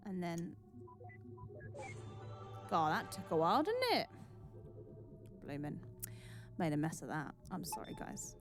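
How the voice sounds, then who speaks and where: A woman's voice: fairly low pitch, big pitch swings, unhurried, pauses often. A woman streaming a video game, chatty and exclaiming, who mocks herself as she plays. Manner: chatty, exclaiming, self-mocking. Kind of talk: gaming stream commentary. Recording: game music behind.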